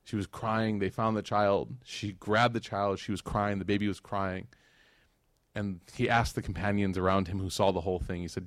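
A man in his thirties giving a conversational religious lecture, telling family stories with animated delivery. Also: on the low side, normal speed, dry recording, clean studio sound. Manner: animated storytelling, acts out his son's lines. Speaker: Islamic lecturer.

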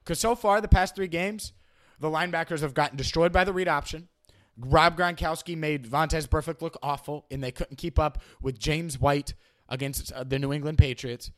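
A man's voice: on the high side, steady tone, normal speed, a bit bright. A man hosting a sports podcast, analyzing his team and arguing with imagined critics, often repeating himself as he starts a thought. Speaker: podcast host.

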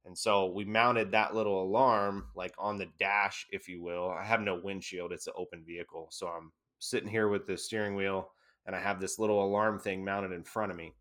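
A man, an army veteran guest, casually telling an animated anecdote and often laughing. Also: deep voice, moderate pace. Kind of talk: casual storytelling.

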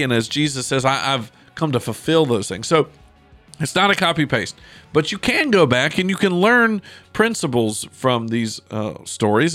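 A male pastor talks through a Bible passage for his podcast, loose and conversational, full of little asides. He reads the verses aloud and comments as he goes. His voice sits at a middling pitch and is recorded close and dry, with no room sound. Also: fairly bright tone, dry recording. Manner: casual, conversational, with asides and fillers.

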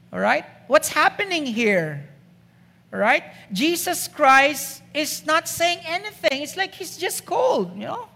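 A woman's voice: high voice, sing-song, slow, creaky, pushed and bright. A woman preaching a sermon in a church, emphatic and asking the congregation rhetorical questions. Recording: echoey church hall.

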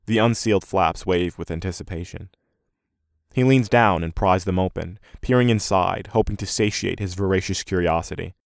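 A man narrating a first-person short story in a measured, even way. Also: low-pitched, creaky, dry recording, studio quality.

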